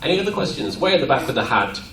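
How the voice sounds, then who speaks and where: A man answering fan questions at a convention panel, animated and playful, laughing often. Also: a little high, racing. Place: convention room at a university. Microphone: audience camera from far off. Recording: echoey room, far off, crowd around.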